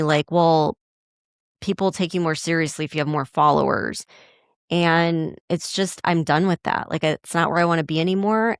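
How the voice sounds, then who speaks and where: A middle-aged woman hosting a podcast, telling a story casually and acting out quotes in a raised, animated voice. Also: fairly low pitch, no echo, clean studio sound. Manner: animated, acts out quotes in a raised voice, many likes. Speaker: podcast host.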